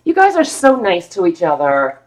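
A woman with a fairly low voice hosts a live online sale of old books. She chats playfully and gushes over the paper and maps. Her talk is loose and easygoing. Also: huge pitch swings, normal speed, soft background music. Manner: gushing, playful, chatty about old books. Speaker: host selling vintage books on a live stream. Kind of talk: casual live sale chat.

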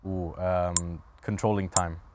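A man's voice: low-pitched, flat delivery, takes it slowly, noisy background. A man being interviewed as a comedian guest, answering in a laid-back, hesitant way with frequent ums.

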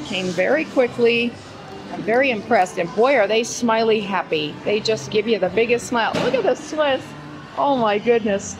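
A woman's voice: medium pitch, poor audio. A woman hosting a casual food vlog, chatting enthusiastically and narrating between stops. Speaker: host of a cooking channel.

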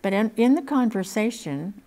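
A woman's voice: on the high side, expressive, normal speed, mellow. A woman in her sixties telling her personal testimony in an earnest, emotional way. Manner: earnest, emotional, laughs between lines. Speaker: speaker sharing her testimony.

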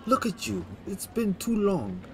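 A man's voice: high voice, very animated, measured pace, fairly bright tone, slight background noise, voice pushed up, full character voice. A man voicing an effusive Italian man greeting an old friend, in a theatrical put-on Italian accent. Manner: gushing, theatrical, overjoyed.

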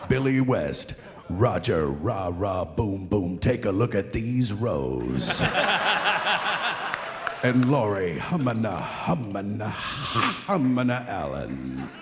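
A man booms out a mock trailer in a slow, dramatic announcer style, his pitch swinging widely. Long hall reverb and a loud crowd surround him. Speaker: voice actor panelist.

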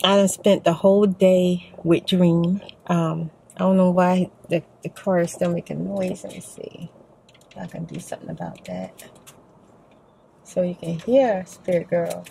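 A middle-aged woman with a Texan accent, talking softly and at length in her parked car, exhausted and emotional, in a rambling soft-spoken vlog. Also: on the low side, fairly even intonation, a little slow, vocal fry, slight background noise. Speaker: ASMR vlogger.

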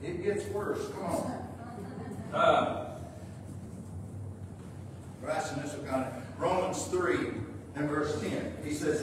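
A man's voice: on the high side, slow, long pauses, noisy background. A male pastor preaching a sermon. He speaks with emphasis, acts out the voices he quotes and reads scripture aloud. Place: church sanctuary. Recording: echoey hall, heard from a distance.

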